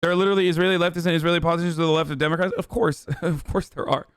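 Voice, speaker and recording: A man's voice: on the high side, fairly even intonation, rapid-fire, fairly bright tone, clean tone, dry recording, studio quality. A man hosting a livestream, giving heated, sarcastic political commentary with lots of swearing. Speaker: livestream host. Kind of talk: ranting political commentary stream.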